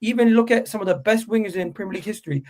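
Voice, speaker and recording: A man's voice: sits high, very fast, darkish tone. A man with a North American accent hosting a heated football debate, insistent and prone to stammering and repeating himself as he argues. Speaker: football podcast host.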